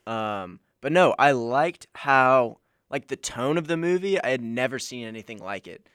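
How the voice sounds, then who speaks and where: A young man co-hosting a college radio podcast, easygoing and halting, chatting in a small studio. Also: mid-range voice, animated, a bit bright, clean tone, dry recording. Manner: easygoing, laughs often, halting. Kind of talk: casual chat.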